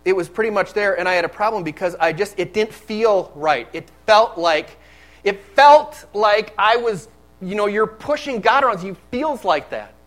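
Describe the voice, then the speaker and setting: A man with a high voice preaching a sermon. He talks candidly and conversationally, telling his own stories to the congregation. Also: lively intonation, normal speed, fairly bright tone, low-quality recording.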